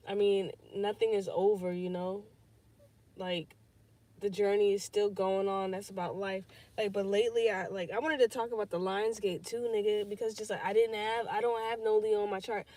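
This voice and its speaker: A woman's voice: medium pitch, dark tone. A young woman hosting a casual podcast livestream, rambling and swearing as she thinks aloud, with lots of fillers. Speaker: podcast host.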